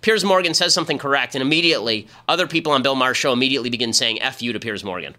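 A man hosting his own political podcast, delivering a fast, combative monologue with mocking jabs. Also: mid-range voice, sharp tone. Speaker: podcast host. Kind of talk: opinion commentary monologue.

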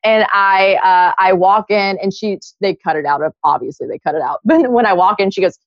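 Animated young woman telling a story. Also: medium pitch, brisk, no echo, muffled recording. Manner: animated, acts out quotes in other voices. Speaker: podcast guest. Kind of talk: casual storytelling chat.

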